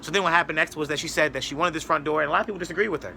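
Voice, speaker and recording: Male commentator, casual rant, quick and sarcastic, slightly higher voice with a rough fry. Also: sharp tone, slight background noise. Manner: rambling, sarcastic, mocking quotes. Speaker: political commentator. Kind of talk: casual opinion monologue.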